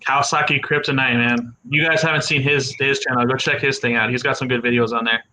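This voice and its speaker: Bright-voiced man hosting a casual stream. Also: medium pitch, steady tone, fast talker, slight background noise, low-quality recording. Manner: rambling, repeats words. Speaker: livestream host. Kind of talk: casual chat.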